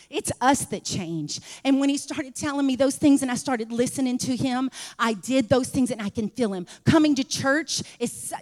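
Fervent woman preaching in a reverberant hall. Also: fairly high pitch. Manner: fervent, repetitive, rising to shouts. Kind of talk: sermon.

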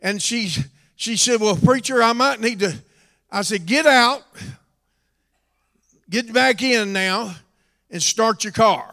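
A high-pitched, gravelly middle-aged man delivers a slow, drawn-out sermon. He moves from hushed storytelling to shouted preaching, and his voice rings with the long reverb of a church hall. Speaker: pastor.

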